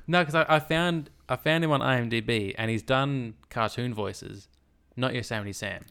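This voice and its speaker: Smooth-voiced dry man. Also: mid-range voice, normal speed, fairly bright tone. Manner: dry, teasing, contrarian. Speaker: podcast co-host. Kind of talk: casual chat about films.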